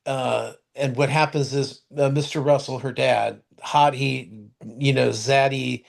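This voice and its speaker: Man, podcast co-host, casual TV chat, gravelly voice, rambling, halting, lots of restarts. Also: medium pitch, fairly even intonation. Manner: outspoken, swears casually. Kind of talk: casual chat reviewing TV shows.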